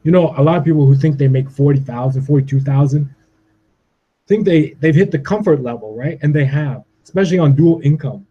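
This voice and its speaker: A man's voice: fairly high pitch, brisk, husky, muffled recording. A man in his forties from Canada, delivering a profane, agitated rant and ending his points with "all right?". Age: 40s. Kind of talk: ranting monologue.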